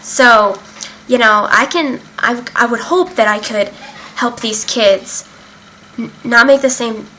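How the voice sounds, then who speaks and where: A woman's voice: fairly high pitch, takes it slowly, sharp tone, a little hiss or hum, low-quality recording. A young woman candidly telling her own story in a casual vlog, emotional and open, with many fillers and some swearing. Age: young adult. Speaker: vlogger sharing her recovery story. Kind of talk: casual personal account.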